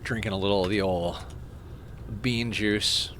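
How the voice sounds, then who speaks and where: A man's voice: on the low side, steady tone, measured pace, a bit bright, a little hiss or hum. A young man streaming a game, chatting casually, rambling and stammering as he thanks viewers. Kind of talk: casual live-stream chat while playing.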